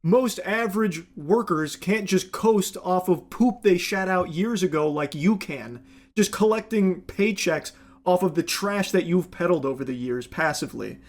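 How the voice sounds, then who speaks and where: A man's voice: high voice, unhurried. A man delivering critical video commentary in a sarcastic, scolding tone. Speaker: commentary YouTuber.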